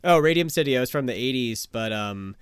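Male podcast co-host, lively pitch, clean resonant voice. Loose, sweary, filler-heavy delivery. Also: brisk, clean tone, no echo, clean studio sound. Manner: animated, loose, swears freely, many fillers. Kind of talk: casual podcast chat and story reading.

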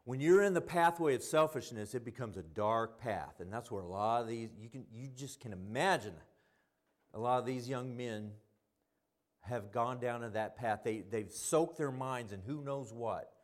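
A middle-aged man preaching a sermon, telling stories and swinging between quiet asides and loud emphasis. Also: mid-range voice, moderate pace.

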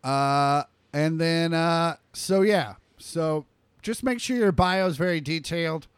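A man's voice: on the high side, slow pace, clear, resonant tone, dry recording. A man co-hosting a comedy podcast, chatting casually, loose and profane, laughing often. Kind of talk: casual chat.

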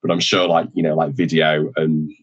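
A man's voice: a bass voice, little pitch movement, moderate pace, slightly rough, lo-fi sound. A man speaking as a podcast guest in a casual panel discussion, thoughtful, often repeating words as he searches for them. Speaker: podcast guest, internal communications professional.

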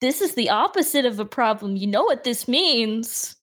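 A woman's voice: fairly high pitch, expressive, moderate pace, fairly bright tone. A woman playing a tabletop game, giggly and playful. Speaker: player. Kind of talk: casual tabletop play.

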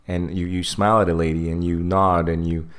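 A man with a very low voice tells a story on a podcast in loose, casual chat. He stumbles and restarts, then jumps into the voices of the people he describes. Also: smooth. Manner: animated storyteller, acts out quoted people; halting, many fillers and restarts. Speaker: podcast host.

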